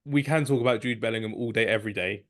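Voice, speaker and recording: A man co-hosting a football podcast, chatting casually and cracking jokes. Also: on the low side. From England. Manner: jokey, chatty, rapid asides. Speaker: podcast co-host.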